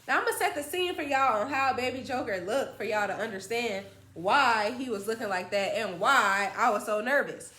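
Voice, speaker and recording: A woman's voice: fairly high pitch, normal speed, few pauses, slight background noise. Chatty woman telling a story, echoey room. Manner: chatty, animated, acts out quotes from friends. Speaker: storytime vlogger. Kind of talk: casual storytelling to camera.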